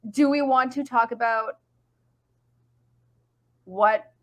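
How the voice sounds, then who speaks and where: Playful Canadian woman, slightly high voice. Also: takes it slowly, fairly bright tone. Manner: playful, teasing, acts out quotes. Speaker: podcast co-host. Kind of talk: casual chat. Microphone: remote call mic.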